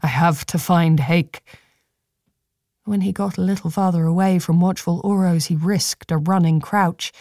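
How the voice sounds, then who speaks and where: A woman narrating an audiobook in a measured, steady storytelling manner. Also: fairly low pitch, no echo, studio quality.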